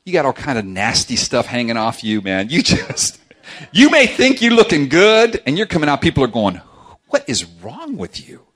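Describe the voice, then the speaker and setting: Casting note: middle-aged male pastor, lively and humorous sermon delivery, bright, ringing voice, pitch swinging widely. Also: moderate pace, few pauses. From South Florida. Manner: animated, humorous, acts out quoted voices. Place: church sanctuary with congregation.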